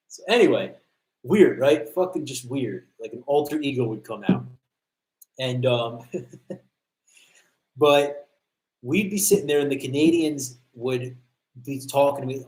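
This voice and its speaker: A man's voice: medium pitch, a little mellow. An American man hosting a livestream, chatting and telling stories in a blunt, profane way. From United States. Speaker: livestream host, combatives trainer. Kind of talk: casual livestream chat. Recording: roomy echo.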